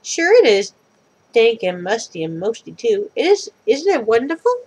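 A woman's voice: a little high, sing-song, moderate pace, slightly rough. A woman reading aloud and voicing a cheerful spooky fairy godmother with a bubbly, welcoming manner.

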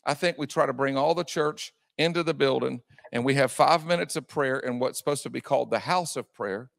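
A man preaching a sermon in a church, repeating his phrases and swinging from shouting to quiet asides. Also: mid-range voice, a little fast, vocal fry, dry recording. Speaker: pastor. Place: church sanctuary.

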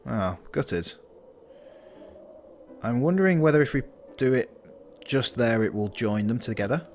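A man's voice: mid-range voice, animated, measured pace, faint music behind. A man talking through a building game in casual let's-play commentary, thinking aloud and restarting his sentences. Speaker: gaming channel host.

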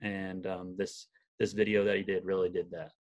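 Young male country singer, twang, lowish pitch, earnest folksy guest telling stories. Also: little pitch movement, normal speed, muffled recording. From Southern Illinois, USA. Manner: earnest, folksy, rambling storyteller. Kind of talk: casual podcast interview.

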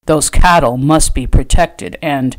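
Woman reading as stern rancher man, low commanding voice, protective, storybook audiobook. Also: measured pace. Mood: insistent. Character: protective rich rancher man, hooded, firm.

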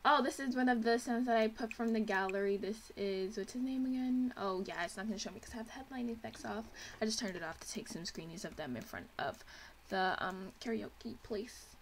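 A woman's voice: a little high, fairly quick, slight background noise. A young woman hosting a casual let's play, gushing and chatty as she comments on her game.

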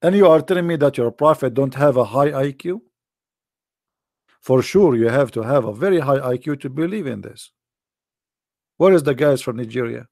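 A man giving a sarcastic, scoffing monologue, slowing right down whenever he reads a quote aloud. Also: medium pitch, lively intonation, creaky, a little mellow, no room sound, studio quality. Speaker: online commentator. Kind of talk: mocking monologue commentary.

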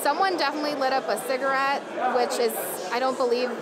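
A young woman speaks quickly in a high voice with fairly even intonation, filming a casual travel and food vlog. Tasting drinks and dishes at a hotel rooftop bar, she's chatty and effusive, while a loud crowd fills the noisy background.

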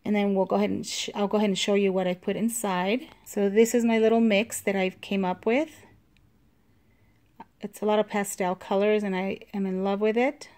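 A woman walks through her handmade crafts in a relaxed show-and-tell. She talks unhurriedly, pausing with plenty of ums to find her words. Her tone stays fond and gushing over every tiny detail. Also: mid-range voice. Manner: unhurried, with frequent ums and pauses; gushing about small details. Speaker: crafting vlogger.

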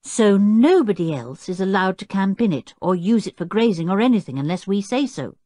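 A woman voicing a stubborn, quick-tempered boy who talks insistently and indignantly in an audiobook. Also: on the low side, animated, no echo, clean studio sound, voice pushed up.

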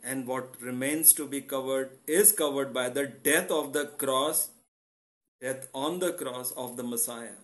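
Male online preacher, mid-pitched voice, impassioned sermon delivery built on rhetorical questions. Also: a little slow, poor audio. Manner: emotional, asks rhetorical questions and answers them. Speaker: online church founder and presenter. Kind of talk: impassioned sermon-style Bible teaching.

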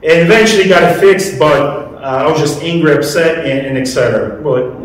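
Brief: male pastor, slightly high voice, chatty sermon, recorded from a distance in a very echoey hall. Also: brisk, few pauses, a little hiss or hum. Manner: conversational preaching, asks the congregation questions. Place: church hall. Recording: echoey room, mic at a distance.

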